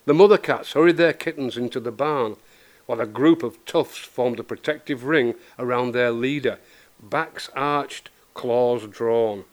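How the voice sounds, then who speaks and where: A male author reading aloud from his own children's book with expressive storytelling. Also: mid-range voice.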